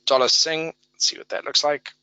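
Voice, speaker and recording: A man's voice: on the high side, steady tone, a little fast, sharp tone, smooth, dry recording, poor audio. A man presenting a live trading webinar, talking through price charts in a conversational way, thinking aloud and repeating key words for emphasis.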